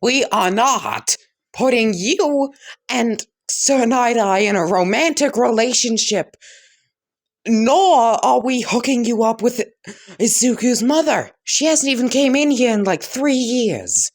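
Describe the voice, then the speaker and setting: A man doing a shrill, bossy young student. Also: animated, takes it slowly, exaggerated voice. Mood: scolding. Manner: shouty, scolding.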